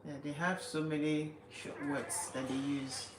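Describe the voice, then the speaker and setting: A woman's voice: low voice, flat delivery, measured pace. A woman with an Angolan accent chatting casually on a livestream, laughing often and mimicking people mockingly. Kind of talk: casual chat. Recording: echoey room, faint background noise.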